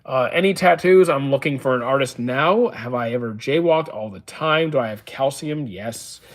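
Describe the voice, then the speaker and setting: A man in his thirties hosting a livestream, reading out chat questions and answering them in a calm, dry, matter-of-fact way with frequent "uh"s. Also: mid-range voice, normal speed. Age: 30s. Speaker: livestream host.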